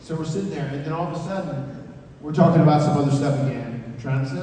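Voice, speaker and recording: A man's voice: a little high, fast, dark tone. A man, a wrestler on a convention panel, casually telling a rambling story to an audience with many restarts. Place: large convention hall. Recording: echoey hall from far off.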